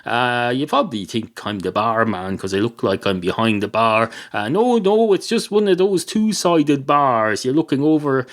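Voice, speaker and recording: A man's voice: medium pitch, big pitch swings, moderate pace, hardly any pauses, close to an everyday voice. A man voicing a nosy, chatty male pub patron who rambles off on tangents.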